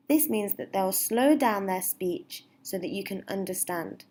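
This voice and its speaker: A woman teaching beginner at a deliberately slow pace, with a slightly husky voice. She is patient and repeats each example phrase, giving it a lifted, sing-song stress. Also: mid-range voice, expressive, warm tone. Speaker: English teacher. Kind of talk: slow, clear English lesson.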